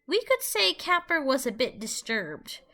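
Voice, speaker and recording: Animated, bright-voiced woman narrator. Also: sits high, measured pace. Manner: animated storybook reading. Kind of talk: fan audio drama narration.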